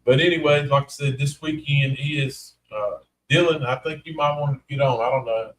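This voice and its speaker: A man's voice: mid-range voice, fairly even intonation, normal speed, slight background noise, rough recording. A middle-aged man, hosting a casual livestream chat in a rambling, folksy way. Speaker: host.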